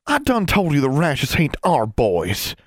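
A man's voice: a little high, wildly swooping pitch, no room sound, clean studio sound, voice pushed up, full character voice. A man doing an indignant drawling schoolgirl. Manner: slow, folksy rural dialect.

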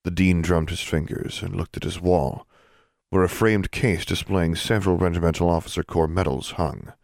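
A man reading a novel aloud as a narrator, even and unhurried. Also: low-pitched, vocal fry, dry recording, clean studio sound. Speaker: audiobook narrator. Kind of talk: scripted narration.

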